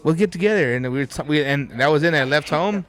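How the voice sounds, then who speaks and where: Appearing as a podcast guest, a man tells a rambling, casual story, swearing and dropping in Spanish words. His voice sits on the high side, expressive and quick.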